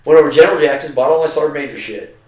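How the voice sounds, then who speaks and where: A man's voice: fairly high pitch, rapid-fire. An older man, a retired soldier, telling rambling, profane war stories in a casual chat. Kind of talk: casual storytelling. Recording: roomy, distant from the mic.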